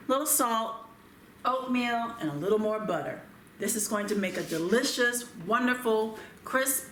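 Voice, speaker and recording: A woman hosting a cooking show, speaking gently and without hurry while she prepares food in a kitchen. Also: a little high, reverberant, slight background noise. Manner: gentle, unhurried, talks while working. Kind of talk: cooking demonstration with calm chat. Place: home kitchen.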